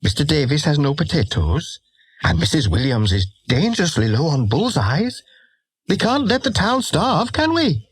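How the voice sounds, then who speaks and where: A man's voice: a little high, sing-song, normal speed, breathy edge, no room sound, pitched above the performer's own voice, heavily acted. A man voicing a cheerful train driver who calls out heartily. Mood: hearty.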